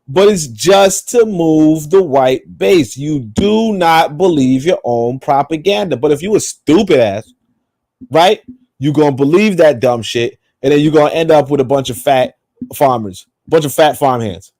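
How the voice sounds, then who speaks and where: A man's voice: a little high, lively intonation, a little slow, a little mellow, no echo. A man in casual chat on a remote call, rambling and profane, full of restarts.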